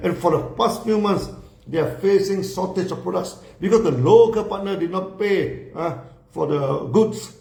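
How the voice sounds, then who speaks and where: A man with a high, gravelly voice tells a story with lively quoted dialogue. His speech is peppered with "you know" and "no" as he acts out each exchange. The recording has a roomy echo. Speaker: speaker telling a business story. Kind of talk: storytelling talk.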